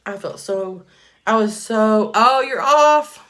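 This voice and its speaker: Chatty woman going live from her phone, doing makeup, gets loud n excited. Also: fairly high pitch, slow pace. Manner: chatty, excitable, breaks into loud bursts of praise. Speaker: livestream host. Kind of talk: casual livestream chat while doing makeup.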